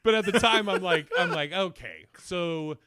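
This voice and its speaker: A young man hosting a casual comedy podcast, talking in an animated way, laughing often and acting out the people he quotes. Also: sits high, brisk, dry recording, studio quality. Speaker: podcast host.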